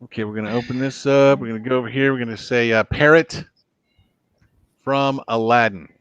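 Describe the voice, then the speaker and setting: Lively, jokey stream host, male. Dry, muffled sound. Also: medium pitch, racing, smooth, no echo. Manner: animated, jokey, laughs easily. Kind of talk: casual chat.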